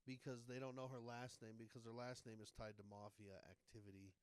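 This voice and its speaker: A man's voice: medium pitch, little pitch movement, fairly quick. A young man co-hosting a comedy podcast, loosely coaching and rambling into a studio microphone. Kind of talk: casual comedic chat.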